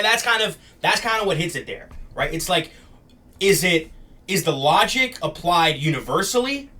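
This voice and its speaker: A man's voice: fairly high pitch, pushed and bright, slightly rough. Blunt, slangy young man reacting to clips. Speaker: reaction commentator. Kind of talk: casual political commentary reacting to clips.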